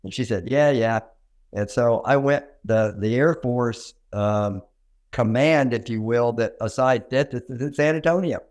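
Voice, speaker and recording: An older man with a mid-range, darkish voice takes his time as he speaks, unhurried. A dentist from Arkansas with a Southern accent, he's a guest in an interview, telling folksy stories at his own expense.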